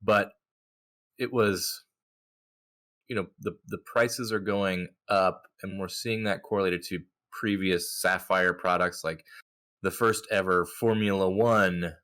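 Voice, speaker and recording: A man co-hosting a casual hobby podcast, talking in an animated, joking, opinionated way. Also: deep voice, slow. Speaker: podcast co-host.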